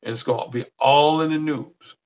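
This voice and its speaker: Man, dating coach guest, high-pitched, earnest, emphatic, casual chat. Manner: earnest and emphatic, stresses words slowly.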